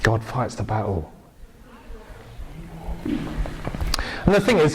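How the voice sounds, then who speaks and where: Guy preaching, lowish voice, chatty storytelling, bit of room hum behind. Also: drawn-out words, pauses often, low-quality recording. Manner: conversational, animated storytelling with restarts. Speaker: pastor. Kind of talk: sermon.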